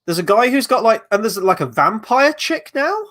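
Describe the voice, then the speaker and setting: A man's voice: high-pitched, big pitch swings, normal speed, a bit bright. A man hosting a live movie watchalong, rambling casually, swearing, and answering chat questions. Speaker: host.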